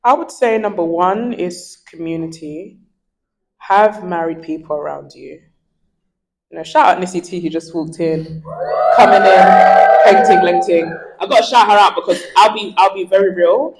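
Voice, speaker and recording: A woman in her twenties, guesting in a candid interview, narrates with energy and plays out the dialogue she quotes. Her fairly low voice moves at normal speed over slight background noise on a rough recording.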